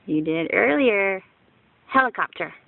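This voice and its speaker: Slow-talking mother coaxing her toddler. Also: mid-range voice, animated, gravelly, dry recording. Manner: slow, encouraging, questioning. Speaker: parent filming her small children. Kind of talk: coaxing baby talk. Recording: tinny, phone-like home video.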